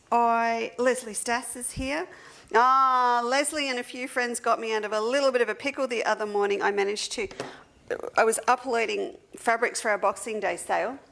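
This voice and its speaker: A woman's voice: fairly high pitch, vocal fry, a bit bright. An Australian woman hosting a casual livestream for her quilting shop, chatting to viewers and greeting them one by one by name. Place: seated at a table indoors.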